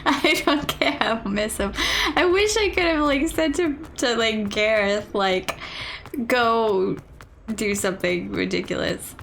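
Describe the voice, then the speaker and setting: A woman's voice: sits high, animated, measured pace, few pauses, a bit bright, slight background noise. A woman streamer giving casual gameplay commentary, giggling constantly and breathless from laughter.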